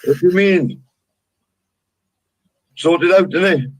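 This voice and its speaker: A man's voice: fairly high pitch, takes it slowly, dry recording. A man in casual chat, slangy and ending lines with "innit".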